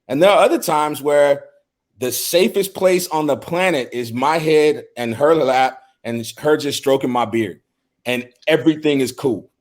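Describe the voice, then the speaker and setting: A middle-aged man co-hosting a podcast, talking earnestly and from the heart, often restarting his words. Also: on the high side. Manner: earnest, heartfelt, with frequent repeated starts. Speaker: podcast co-host. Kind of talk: casual discussion.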